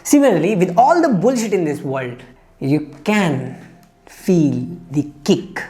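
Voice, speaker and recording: A man's voice: on the high side, lively intonation, takes it slowly, mellow, soft background music. A man giving an earnest, emphatic motivational talk, telling a fable to make his point. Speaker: motivational speaker.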